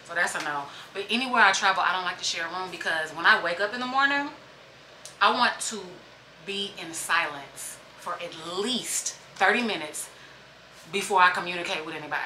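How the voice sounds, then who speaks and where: A woman's voice: fairly low pitch, lively intonation, brisk. A woman chatting casually to her viewers in a travel vlog, filmed on a handheld phone. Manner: chatty, addresses viewers as y'all. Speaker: vlogger. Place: city streets and a small hotel room. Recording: echoey with loud street noise.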